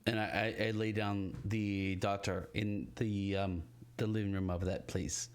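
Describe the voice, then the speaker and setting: A man's voice: lowish voice, little pitch movement, a little slow, smooth. A man playing a tabletop role-playing game, stammering and restarting as he speaks in and out of character. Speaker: player.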